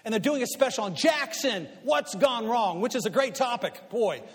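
A man in his fifties speaking to a live audience, an animated storyteller who swings from quiet asides to loud punchlines. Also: very high voice, moderate pace, husky. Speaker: guest speaker and media commentator. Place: large hall before an audience. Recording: long reverb of a large hall.

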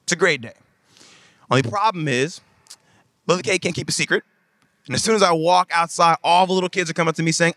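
A man preaching a sermon, telling a comic story in an animated, conversational way. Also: on the high side, quick pace, long pauses, dry recording, studio quality. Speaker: pastor.

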